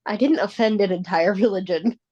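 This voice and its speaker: A woman's voice: medium pitch, a little fast, dark tone, dry recording. A woman co-hosting a comedy podcast, firing off wry, stubborn one-liners. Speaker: podcast co-host. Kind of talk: casual comedic chat. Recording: dull lo-fi sound.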